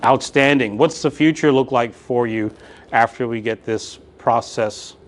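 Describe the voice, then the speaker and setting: At a measured pace and medium pitch, a man runs a live real estate coaching session amid slight background noise, animatedly joking and singling out audience members.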